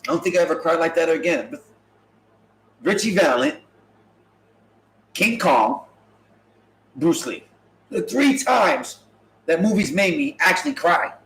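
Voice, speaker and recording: Animated joking man in an echoey room. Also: a little high, a little slow, pauses often. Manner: animated, joking, acts out quoted voices. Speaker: podcast host. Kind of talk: casual comedic storytelling.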